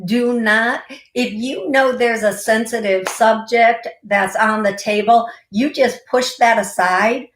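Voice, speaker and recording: Woman psychic radio host, slow, giggly, gives firm repeated advice; roomy echo. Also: fairly high pitch, fairly even intonation. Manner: warm, giggly, direct advice with repeated warnings. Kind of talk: call-in psychic reading.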